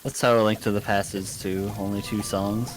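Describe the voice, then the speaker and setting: A man's voice: lowish voice, fairly even intonation, normal speed. A man co-commentating a game stream, enthusiastic, cheering plays and humming tunes aloud. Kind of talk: casual live-stream chat. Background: faint game music.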